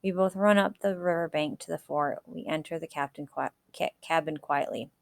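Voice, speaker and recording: A woman reading a novel aloud in a measured way, now and then correcting a slipped word. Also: deep voice, vocal fry, dry recording. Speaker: audiobook reader.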